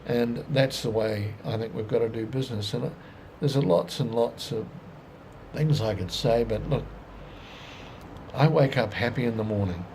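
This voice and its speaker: A man's voice: medium pitch, normal speed, a little mellow, a little hiss or hum. A man with an Australian accent telling his life story in a rambling, folksy monologue full of plain sales advice. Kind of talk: casual monologue to camera.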